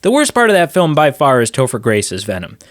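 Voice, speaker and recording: A man co-hosts a podcast, talking through movies in a loose, excited ramble full of restarts. His voice sits at a middle pitch. The sound is dry and close. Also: a little fast, no room sound. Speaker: podcast co-host. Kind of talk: casual movie chat.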